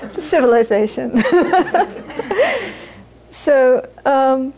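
A woman's voice: sits high, lively intonation, extremely slow, crowd noise, poor audio. A woman teaching Buddhism to a live audience, talking conversationally, telling anecdotes and laughing often. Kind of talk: dharma talk.

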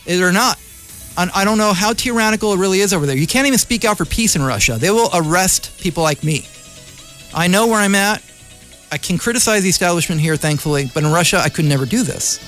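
A man's voice: high voice, animated, fast, a bit bright, faint music behind. A man hosting a community radio show, delivering an impassioned, rambling, argumentative commentary monologue from the studio.

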